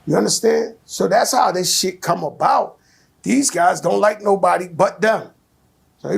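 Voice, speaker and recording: A man talking heatedly and profanely as an interview guest, telling stories with animated, blunt phrasing. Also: high voice, moderate pace, vocal fry, breathy edge. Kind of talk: heated casual interview talk.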